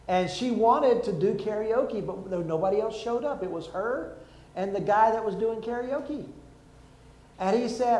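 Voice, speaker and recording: An older man, a preacher who once served as an army chaplain, delivers a sermon in a high, unhurried voice. He tells lively stories and acts out the quotes of the people in them. The sound is roomy and the audio poor.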